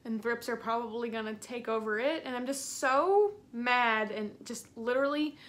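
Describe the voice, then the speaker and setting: High, bright-voiced woman vlogger. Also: moderate pace. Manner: exasperated, ranting with laughs. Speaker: plant vlogger. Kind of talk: casual vlog.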